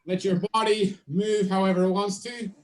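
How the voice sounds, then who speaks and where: A man leading a drama workshop, talking participants through a physical and vocal warm-up with steady, repetitive cues and playful asides. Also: high voice, moderate pace. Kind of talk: guided warm-up instructions.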